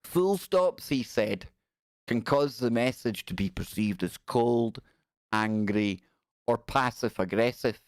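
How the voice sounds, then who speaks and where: A man's voice: mid-range voice, slow pace, no room sound, clean studio sound. Sarcastic middle-aged man ranting. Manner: sarcastic, exasperated, mocking. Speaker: live stream host. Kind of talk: ranting news commentary.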